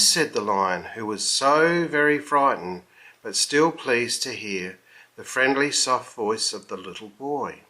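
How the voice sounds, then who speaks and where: A man reading a children's story aloud in a slow, expressive storybook manner. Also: medium pitch.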